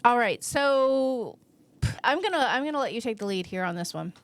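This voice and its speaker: A woman co-hosting a movie podcast, talking casually in quick, chatty bursts. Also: on the high side, expressive, no echo. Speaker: podcast co-host.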